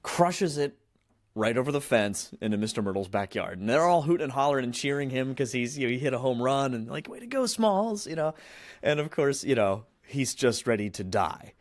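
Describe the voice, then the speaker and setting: A man's voice: mid-range voice, a little fast, no room sound, studio quality. A man hosting a podcast, retelling a film plot in a rambling, casual way full of fillers and restarts. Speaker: podcast host.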